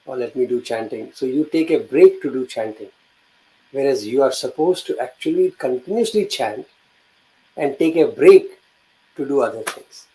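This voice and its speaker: A man's voice: mid-range voice, animated, moderate pace, mellow, slight background noise, poor audio. A man hosting a devotional talk, reflective and explanatory, who sometimes reads a passage aloud. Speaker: host.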